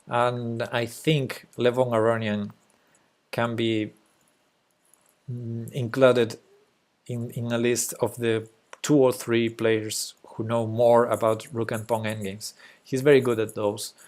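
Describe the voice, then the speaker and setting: A young man with a Spanish accent, a native Spanish speaker, giving casual live-stream chess commentary in a hesitant way with fillers and soft laughs. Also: mid-range voice, little pitch movement, takes it slowly.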